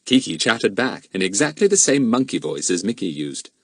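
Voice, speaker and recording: Husky, animated male storyteller. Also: fairly low pitch, a little fast, no echo, studio quality. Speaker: audiobook narrator. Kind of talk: scripted narration.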